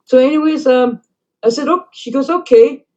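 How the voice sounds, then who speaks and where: A woman's voice: sits high, steady tone, moderate pace. Rambling middle-aged woman, lo-fi recording. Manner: rambling, many fillers, mutters asides quietly. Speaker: band councillor. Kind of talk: casual storytelling. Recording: dull lo-fi recording.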